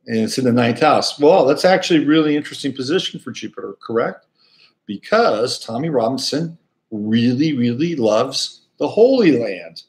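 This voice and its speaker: A man hosting a casual astrology talk at a mid pitch. He rambles and corrects himself as he goes, filling gaps with easy fillers in a relaxed, conversational way. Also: normal speed. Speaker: astrologer host.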